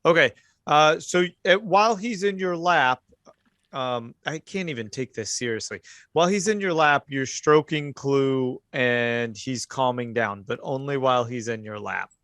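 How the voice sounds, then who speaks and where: Relaxed man running a tabletop game. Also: mid-range voice, a little slow, no echo, clean studio sound. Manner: relaxed, rambling with fillers. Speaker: game master.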